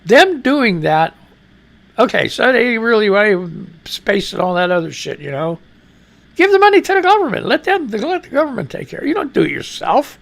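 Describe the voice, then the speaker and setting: Cowok host radio aksen amrik, suara serak agak tinggi, ngomel ngalor-ngidul, nada naik turun. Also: male voice, high voice, sing-song, normal speed, vocal fry, a bit bright. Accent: American. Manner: rambling, profane, exclaiming and laughing. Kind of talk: casual live news commentary.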